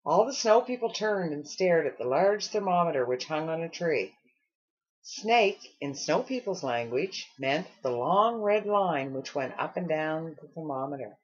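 Husky woman reading a storybook aloud. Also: low-pitched, a little slow, lo-fi sound. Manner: expressive storytelling with acted character lines. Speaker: storybook reader. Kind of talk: reading a children's picture book aloud.

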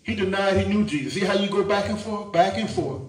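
A male preacher with a high voice delivers a sermon, repeating himself and asking for agreement. He is caught from a distance in an echoing church. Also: fairly quick. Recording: echoey church from far off.

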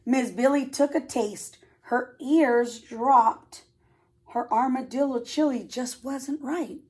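This woman's voice is high and slightly rough, and she takes her time. A preschool teacher, she reads a picture book aloud to little ones, regularly stopping to ask questions and offering warm sing-song comments.

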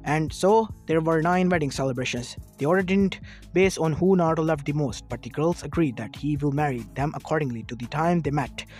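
A man's voice: fairly high pitch, a little fast, a little mellow, soft background music. A man reading a fan fiction story aloud as narrator, plainly, with occasional slips and restarts.

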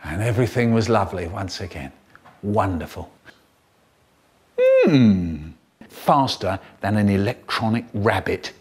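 Highly expressive male storyteller, unhurried. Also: husky. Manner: theatrical, savouring words, sudden swings between hush and loud. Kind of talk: comic storytelling to camera.

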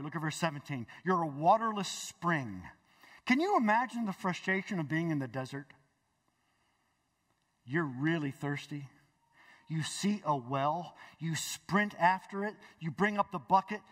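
A male pastor preaching a sermon in a church, emphatic, swinging between loud exclamations and hushed asides. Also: fairly high pitch, recorded from a distance. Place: church sanctuary.

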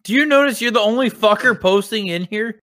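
A man's voice: high-pitched, brisk, pushed and bright. A man co-hosting a podcast in casual chat, laid-back and self-mocking, swearing freely. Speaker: podcast co-host.

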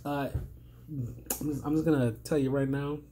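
A man's voice: medium pitch, steady tone, moderate pace, warm tone, a little hiss or hum. A tired man hosting a reaction video, rambling in an exasperated, stammering way and swearing often. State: tired, strained voice. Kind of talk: casual rambling commentary.

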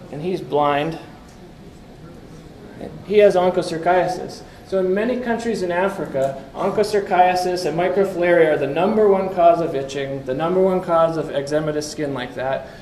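Delivering a conversational slide talk at a conference, a man speaks at a moderate pace in a voice that's a little high and a little mellow. He invites audience answers and throws in dry humor, while the echoey room carries faint ambient sound.

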